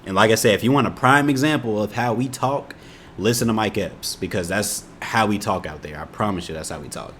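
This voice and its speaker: Fairly low-pitched and bright in tone, a young Indiana man speaks a little fast against slight background noise. As a YouTuber reacting to a video, he chats to camera in a relaxed, meandering storytelling style, accent and all. He keeps saying "you know what I'm saying."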